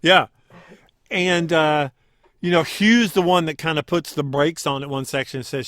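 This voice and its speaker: A man co-hosting a podcast, chatting casually as he recaps scenes and acts out quick quoted lines. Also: on the high side, fairly bright tone, dry recording, studio quality. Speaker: podcast co-host.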